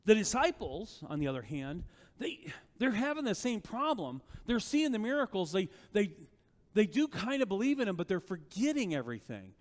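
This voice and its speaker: A male pastor preaching a sermon in a conversational, animated way, often asking rhetorical questions of the congregation. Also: high-pitched, moderate pace, long reverb tail.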